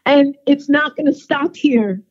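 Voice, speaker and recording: A woman's voice: high-pitched, a little slow, dull audio. Emotional, tearful woman calling in. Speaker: singer calling in. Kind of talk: phone call-in interview. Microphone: phone.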